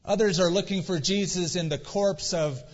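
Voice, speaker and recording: A male pastor preaching an earnest sermon in a church, asking rhetorical questions and pausing for effect. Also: high voice, steady tone. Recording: dull recording with long church reverb.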